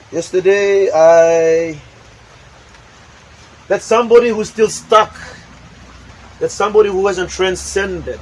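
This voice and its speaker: A man with a high voice delivers a motivational lesson in an emphatic, repetitive way. He keeps acting out little examples as he goes. Faint ambient noise sits behind him. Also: a bit bright, low-quality recording. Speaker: motivational speaker. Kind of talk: motivational talk with acted demonstrations.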